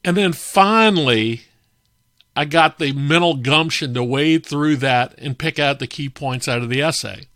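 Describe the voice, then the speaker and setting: A man hosting a podcast, telling a story in a relaxed, chatty way with frequent fillers. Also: a little high, a little slow, no echo, clean studio sound. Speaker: podcast host. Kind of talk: casual storytelling monologue.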